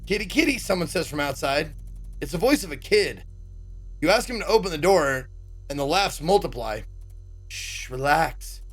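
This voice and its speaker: An animated man, talking at normal speed, streams himself reading a visual novel aloud. He is sarcastic and swears freely, acting out quoted lines with jumps in pitch.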